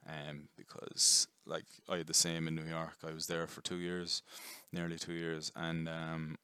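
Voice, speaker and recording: A man giving a casual, rambling movie review, chatty and quick to swear. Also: a bass voice, completely flat delivery, sharp tone, smooth, no room sound, studio quality. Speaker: film reviewer.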